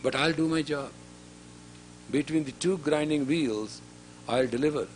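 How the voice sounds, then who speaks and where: A man's voice: fairly high pitch, measured pace, a little hiss or hum. A man in his fifties, a spiritual teacher giving a lecture to a women's class, talking directly and scolding, often turning questions on his listeners. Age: 50s. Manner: direct and admonishing, asks the audience questions.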